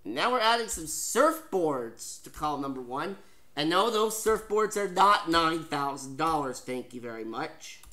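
A man from Canada hosting a home-made game show, reading questions and prizes in a lively, chatty, jokey way. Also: a little high, measured pace.

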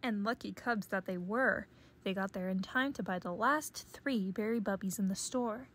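A woman narrating a children's picture book read-aloud in a gentle, measured storytelling voice. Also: mid-range voice, breathy edge. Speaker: storybook reader.

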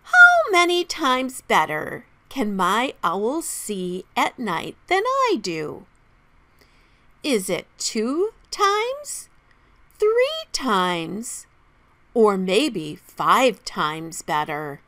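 A woman's voice: a little high, huge pitch swings, slow, sharp tone, dry recording, full character voice. A woman voicing a teasing, gleeful Halloween witch in a sing-song storybook voice. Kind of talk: storybook character voice.

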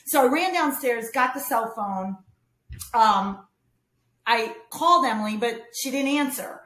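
A woman telling a family story in a casual, animated way, quoting herself and others as she goes. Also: fairly high pitch, measured pace. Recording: roomy echo.

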